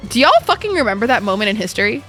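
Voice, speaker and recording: A young woman streamer with a bright, sharp tone and a pitch that swings widely as she rants and swears at her chat. She talks casually while gaming, with a bit of game music playing faintly underneath. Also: racing. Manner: animated, profane ranting.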